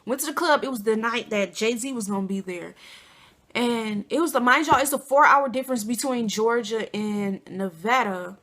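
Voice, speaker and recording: A young woman vlogger telling a story in casual, animated chat with lots of fillers. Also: on the high side, moderate pace. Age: young adult. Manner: chatty, animated, many fillers.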